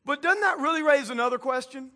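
A man preaching a sermon in a conversational way, acting out Bible figures in casual voices and building from quiet passages to loud ones. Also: very high voice, fast. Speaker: pastor.

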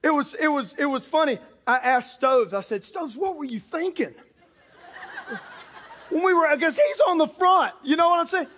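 A man, a pastor, preaching a sermon built around a personal story, talking animatedly and breaking into shouts at the big moments. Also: very high-pitched, fairly quick, few pauses. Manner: animated, bursts into shouts for punchlines. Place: church or auditorium with a live congregation.

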